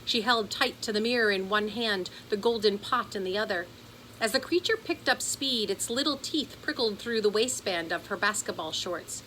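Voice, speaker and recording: A woman reading a children's chapter book aloud in an expressive storytelling voice. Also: medium pitch, moderate pace, a little hiss or hum, low-quality recording. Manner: expressive, does character voices. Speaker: audiobook narrator.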